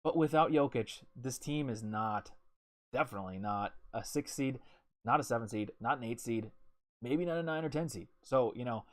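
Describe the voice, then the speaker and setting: A man's voice: mid-range voice, moderate pace. A man co-hosting a casual sports talk show, hesitant and opinionated, with many fillers. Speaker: podcast co-host.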